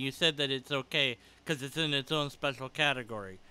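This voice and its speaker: A man's voice: mid-range voice, fairly quick, bright, forceful tone, smooth, dry recording. A man giving a casual commentary rebuttal, argumentative and sarcastic, laughing at times. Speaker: video creator responding to a critic.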